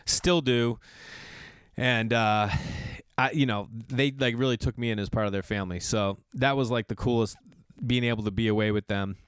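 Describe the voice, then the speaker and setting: A middle-aged man from the US Northeast spins a long, rambling personal story as a podcast host. His voice is smooth and resonant, and he keeps restarting sentences and slipping into the voices of the people in his story. The sound is dry and close, with no room around it. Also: mid-range voice, normal speed, no room sound. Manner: rambling and animated, full of restarts and sudden quoted voices. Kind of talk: storytelling monologue.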